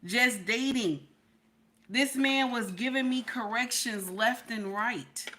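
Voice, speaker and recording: Middle-aged female streamer, emphatic and repetitive, bright voice. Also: a little high, slow, a little hiss or hum. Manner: emphatic, repeats lines, talks to chat. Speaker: livestream reaction host. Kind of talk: casual livestream commentary.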